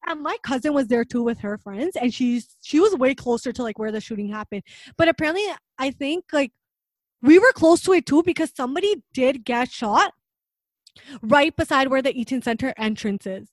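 A young woman telling a story in casual chat, animated and full of fillers, acting out what people said. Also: sits high, normal speed, no echo. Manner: animated storytelling with many fillers and acted-out quotes.

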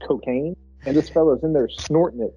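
A man's voice: on the high side, brisk, mellow, slightly rough, muffled recording, soft background music. A man co-hosting a casual movie podcast, sarcastic and profane, with dry asides about the film. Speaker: podcast co-host. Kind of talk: casual movie-review chat.

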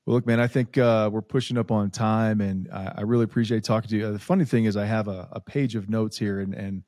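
A man's voice: fairly low pitch, fairly even intonation, quick pace, a little mellow, no room sound, clean studio sound. A man hosting a casual podcast interview, easygoing and affirming as he chats with his guest. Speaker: podcast host.

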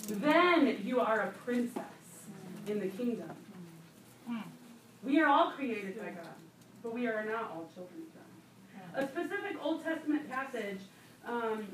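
A woman's voice: on the high side, roomy sound, slight background noise. A woman teaching a Bible study to other women, talking conversationally with laughing asides and emphatic repetition, recorded from a distant mic in a church room. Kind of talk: sermon teaching.

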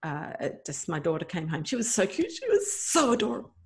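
A middle-aged woman with a lowish voice speaks briskly as a guest, telling a personal story in an emotional, animated way with many fillers.

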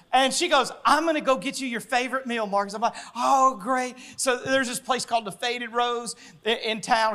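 High bright-voiced pastor. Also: male voice. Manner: animated storyteller, acting out voices, laughing. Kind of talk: sermon with a told story.

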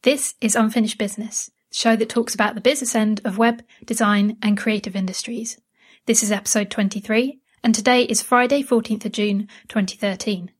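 Woman podcast host from England; easygoing chat, quick to laugh. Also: a little high, steady tone. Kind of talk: casual chat.

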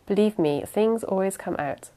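A woman reading the part of a youngish male detective who presses his questions in a measured, insistent way. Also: medium pitch, dark tone, lightly acted. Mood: probing.

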